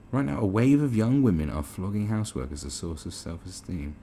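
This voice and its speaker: A man's voice: sits low, big pitch swings, fairly quick, hardly any pauses, dark tone, slight background noise. A British man ranting in disbelief as he reads and reacts to an article, swearing often. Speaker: commentary host. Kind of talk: reaction commentary.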